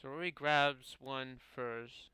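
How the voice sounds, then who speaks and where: A man reading a visual novel aloud in a casual playthrough, halting and stumbling over names as he corrects himself. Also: medium pitch, fairly even intonation, sharp tone, smooth, no room sound, low-quality recording. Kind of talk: casual game playthrough narration.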